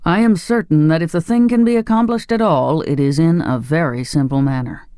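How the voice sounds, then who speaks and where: An audiobook narrator reading a fantasy tale in an expressive storytelling manner. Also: mid-range voice, normal speed, few pauses, clean tone, no room sound, clean studio sound. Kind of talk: scripted narration.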